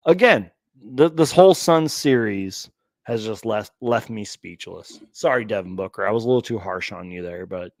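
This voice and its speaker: A man's voice: on the low side, normal speed, vocal fry, a little mellow, no echo. A man hosting a sports channel, ranting live and reacting to clips with exasperated sighs. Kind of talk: late-night live rant reacting to clips.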